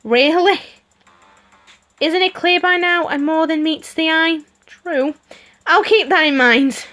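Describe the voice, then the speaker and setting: Speaking very slowly in an extremely high, sharp voice, this woman streamer performs a story game's dialogue with playful voices. Between lines she giggles and throws in her own comments.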